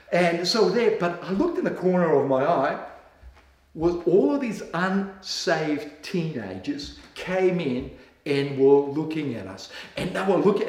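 A middle-aged Australian pastor telling a testimony in a sermon, animated and full of restarts and stammers. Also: male voice, fairly high pitch, roomy sound. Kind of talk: sermon storytelling.

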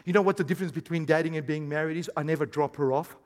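A man preaching a sermon as pastor, swinging between hushed, intimate lines and loud, emphatic bursts. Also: fairly high pitch, rapid-fire. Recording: long hall reverb.

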